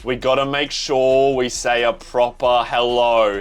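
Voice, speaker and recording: A young Australian man hosting a manga reaction video, gushing and swearing with excitement as he reads panels aloud between his reactions. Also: mid-range voice, unhurried, clean tone. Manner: excitable, swears freely, gushes. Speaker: reaction channel host.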